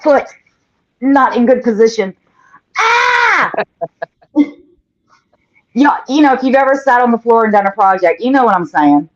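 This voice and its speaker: A woman's voice: on the high side, moderate pace, pauses often. A woman hosts a live painting show, chatting casually and reading out viewer comments as she works. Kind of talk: casual livestream chat while painting. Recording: dull lo-fi livestream audio.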